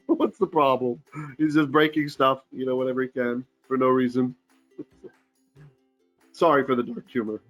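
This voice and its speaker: A man, a rabbi, teaching a Torah portion in an informal online class. He chants Hebrew verses, translates them in casual, joking talk, and often clears his throat. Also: mid-range voice, steady tone, normal speed, pauses often, soft background music.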